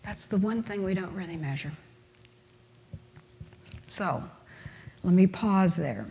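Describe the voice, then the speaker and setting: A woman with a fairly low voice gives a conference talk in a lecture hall. She speaks emphatically, leans on rhetorical questions and everyday examples, and her words ring out with a long reverb from the room. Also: slow, creaky, mellow, slight background noise.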